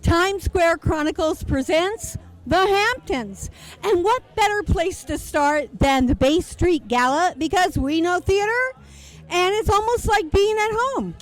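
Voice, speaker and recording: A woman's voice: very high-pitched, expressive, unhurried, low-quality recording. A woman hosting red-carpet interviews at a theater gala, gushing and enthusiastic.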